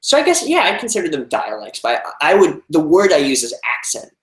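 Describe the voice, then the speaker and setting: A man's voice: a little high, huge pitch swings, brisk, fairly bright tone. Young american guy rambling thru live chat questions, lots of ums, roomy echo. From United States. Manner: rambling, many fillers and restarts. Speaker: vlogger reading live chat. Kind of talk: casual live-stream chat.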